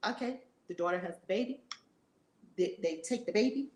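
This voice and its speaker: A woman spiritual teacher telling a story in an animated, conversational way. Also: medium pitch, moderate pace, echoey room, slight background noise. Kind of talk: storytelling lesson.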